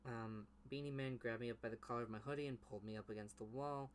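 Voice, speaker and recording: Homem lendo texto antigo e zombando. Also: male voice, medium pitch, quick pace, slight background noise. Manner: flat mumbled reading broken by loud mocking outbursts. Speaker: YouTuber reading his childhood writing. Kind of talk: comic reading with commentary.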